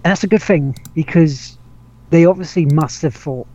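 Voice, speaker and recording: A man chats loosely as a podcast host, tripping over restarts, laughing and dropping casual swears. His voice sits a little high for a man. The audio is dull and lo-fi. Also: normal speed, dark tone. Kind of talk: casual gaming chat.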